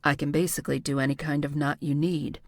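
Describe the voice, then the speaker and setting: A woman narrator voicing a shy, gentle man with a soft, hesitant way of talking, in a lowered voice. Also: little pitch movement, fast, dry recording, studio quality. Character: shy, gentle young man, kind dog owner.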